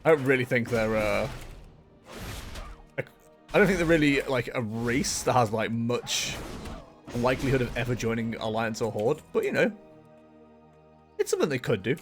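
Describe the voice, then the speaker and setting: A man's voice: mid-range voice, animated, normal speed, long pauses, faint music behind. A man chatting casually as he streams a game, rambling along with frequent fillers and self-corrections. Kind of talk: casual gameplay commentary.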